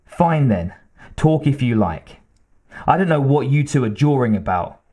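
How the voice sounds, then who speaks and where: A male reader plays an arrogant, blustering officer in a military thriller audiobook. His voice is brusque and bossy, pitched slightly higher than the narration. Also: very animated, unhurried, mellow. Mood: dismissive. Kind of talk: audiobook character reading.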